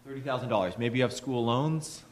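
A man's voice: medium pitch, a little fast. Rambling man leading a Bible study. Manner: rambling, self-correcting, many fillers. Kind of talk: casual teaching and scripture reading.

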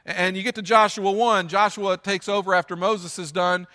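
Inside a church sanctuary, a pastor preaches in a steady tone at a moderate pace, earnest and emphatic, reinforcing his points through repetition. The large space gives his high, bright voice a long reverb.

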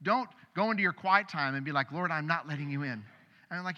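Middle-aged pastor guy giving a sermon, kinda high voice, chatty with loud bursts, big church echo. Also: fast talker, dull audio. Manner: conversational, animated preaching with sudden loud outbursts. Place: church sanctuary. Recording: long hall reverb.

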